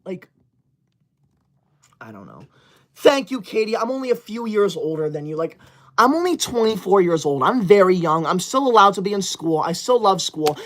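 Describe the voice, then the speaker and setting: In a parody livestream skit, a man in his twenties plays a touchy, self-important young streamer. His voice sits high as he reads super chats in an indignant, whiny way and shouts at viewers.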